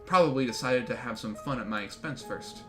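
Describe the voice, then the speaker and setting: A man's voice: medium pitch, brisk. A man streaming a game, reading the story aloud with jokey, swearing asides. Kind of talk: reading a visual novel aloud on a live stream. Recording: game music behind voice.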